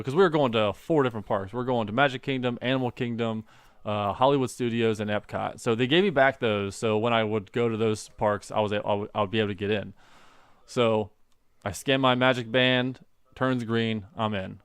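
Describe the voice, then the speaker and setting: A young adult man co-hosting a casual podcast, telling an animated story and acting out the people in it. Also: mid-range voice, clear, resonant tone, no echo. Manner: animated storyteller, acts out quoted voices. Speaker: podcast co-host.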